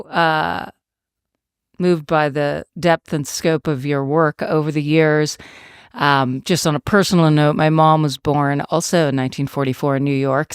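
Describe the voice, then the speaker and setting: Enthusiastic smooth-voiced woman podcast host. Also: sits low, no room sound, studio quality. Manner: warm, enthusiastic, laughs easily, fillers like "um". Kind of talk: podcast interview.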